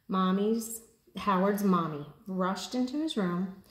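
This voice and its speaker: A woman teacher reading a children's picture book aloud, with animated storytelling. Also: mid-range voice, slow, roomy sound. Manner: animated storytelling, lifting her voice for the children's cries. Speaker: kindergarten teacher.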